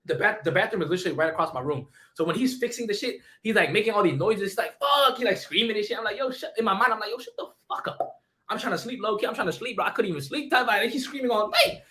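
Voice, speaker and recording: A man's voice: sits high, lively intonation, bright, forceful tone. A young man streaming, telling a story in casual slang, swearing a lot and often repeating and restarting his phrases. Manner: rapid, profane slang, lots of repeats and restarts.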